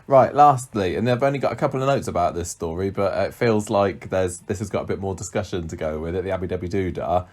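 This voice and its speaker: Deep-voiced man chatting casually. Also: a little mellow. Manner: playful, quick to laugh, teasing. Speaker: podcast co-host. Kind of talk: casual chat.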